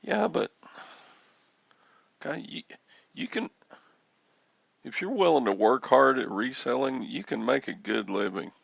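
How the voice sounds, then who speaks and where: A man's voice: mid-range voice, big pitch swings, unhurried, gravelly, pauses often, fairly bright tone, dry recording, highs cut off. A man in his sixties hosting a reseller livestream, rambling and joking as he answers chat comments. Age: 60s.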